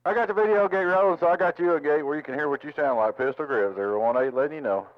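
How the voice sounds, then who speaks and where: Man on CB radio, slightly high. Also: quick pace, lo-fi sound, background noise. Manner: repeats call signs and handles, radio lingo. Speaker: CB radio operator. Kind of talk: CB radio chatter.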